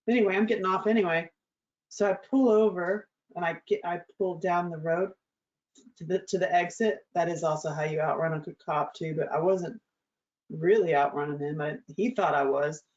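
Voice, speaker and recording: A woman's voice: medium pitch, lo-fi sound. A middle-aged woman hosting her own show, telling a frank, profane story in a casual monologue, laughing often and acting out what people said. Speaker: show host.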